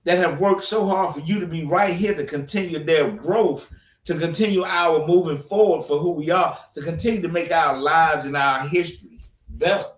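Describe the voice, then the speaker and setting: A man's voice: on the high side, moderate pace. A man co-hosting a casual opinion podcast, speaking in an earnest, emphatic, preachy way. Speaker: podcast co-host. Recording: roomy, distant, dull sound.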